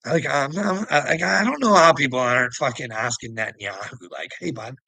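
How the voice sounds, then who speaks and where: A man with a gravelly, husky voice delivers a rambling, profanity-laden monologue straight to camera. His tone is tense and forceful, and the recording is dry and close. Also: mid-range voice, fairly quick, dry recording. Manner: swears constantly, rambling and preachy. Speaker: vlogger.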